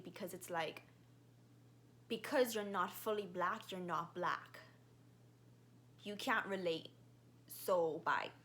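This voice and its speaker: A young woman in her twenties with a Bahamian accent, telling stories quickly and animatedly in a casual vlog. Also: medium pitch, a little hiss or hum. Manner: fast-talking, animated storyteller.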